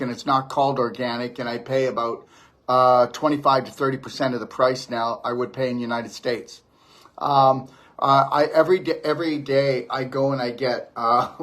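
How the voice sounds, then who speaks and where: A man's voice: mid-range voice, fairly even intonation, normal speed, fairly bright tone. A man, a detox practitioner, giving an impassioned, preachy monologue to camera and repeating his stock phrases. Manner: emphatic and preachy, repeats "the reality is". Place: home near a beach.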